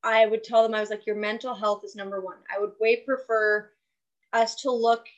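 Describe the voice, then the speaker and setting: A woman wellness coach who explains her ideas in an earnest, animated way during a conversation. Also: fairly high pitch, moderate pace, lo-fi sound. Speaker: guest, fitness and wellness coach. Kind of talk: casual conversational interview.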